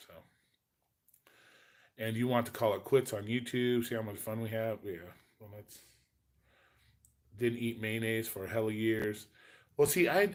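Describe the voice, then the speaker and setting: Profane rambling man in his forties. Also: lowish voice. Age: 40s. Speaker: host. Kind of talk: casual livestream chat.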